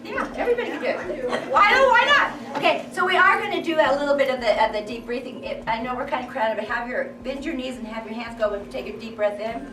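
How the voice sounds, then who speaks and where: A workshop coach leads a confidence and voice session, urging a crowded room of standing girls through breathing exercises and loud counting drills. She speaks fast with few pauses at a fairly high pitch, and the far, echoey room recording carries crowd noise, music and other background sound.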